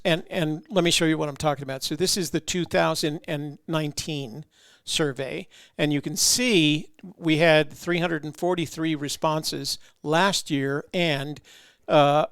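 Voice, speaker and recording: A male host chatting casually on a livestream, wandering from point to point with plenty of fillers and false starts. His voice sits a little high and has a gravelly, fry-laced edge. The sound is close and dry, with no room around it. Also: unhurried, fairly bright tone, no echo. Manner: chatty, rambling, with many fillers and restarts.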